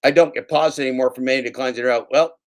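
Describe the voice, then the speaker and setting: A man's voice: medium pitch, steady tone, fast talker. A man hosting a casual livestream, ranting sarcastically with plenty of swearing and repeating his own lines for effect. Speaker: livestream host.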